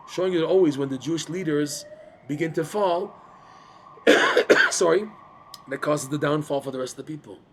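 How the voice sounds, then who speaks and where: Animated man teaching a Torah class. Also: a little high, slight background noise. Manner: animated, repeats words, asks listeners to follow. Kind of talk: Torah class explaining texts.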